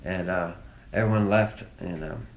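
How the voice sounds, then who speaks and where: Low gravelly man reminiscing. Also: measured pace. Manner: rambling, many fillers and restarts. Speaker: interview guest, victim's brother. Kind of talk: casual, emotional recollection.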